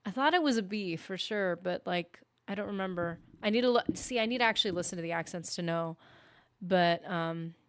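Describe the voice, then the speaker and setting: A woman's voice: lowish voice, fairly quick, clear, resonant tone. A woman gaming streamer chatting casually and rambling while she plays, often correcting herself. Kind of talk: casual live-stream chat.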